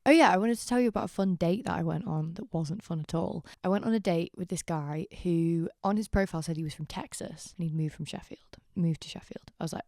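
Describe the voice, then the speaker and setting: Young woman podcaster rambling through a story, low voice with gravel, dry close sound. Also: fast talker, a little mellow, no echo. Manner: candid, rambling, self-deprecating. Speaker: podcast host. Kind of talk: casual storytelling chat.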